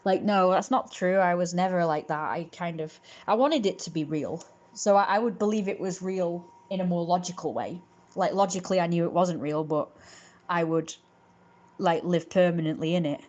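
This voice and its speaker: A woman's voice: on the low side, moderate pace, darkish tone, highs cut off. Rambling young woman streaming. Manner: rambling, chatty, many fillers and restarts. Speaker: livestream host. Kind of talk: casual livestream chat.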